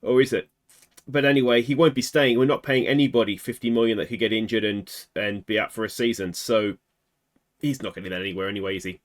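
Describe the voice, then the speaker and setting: A man's voice: lowish voice, fairly even intonation, quick pace. An Australian man hosting a game video, chatting casually and thinking aloud with wry asides. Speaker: gaming video host.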